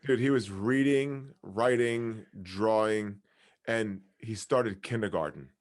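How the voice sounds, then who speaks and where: Low-voiced man, casual rambling podcast storyteller, lots of fillers. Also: takes it slowly.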